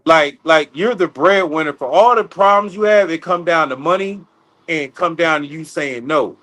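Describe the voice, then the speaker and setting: A man's voice: a little high, normal speed, fairly bright tone, low-quality recording. A man on a livestream panel telling a story in a blunt, slangy way.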